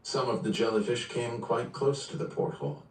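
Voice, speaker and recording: A man reading a novel aloud on a livestream in a steady, measured way. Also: mid-range voice. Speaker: reader. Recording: roomy, distant from the mic.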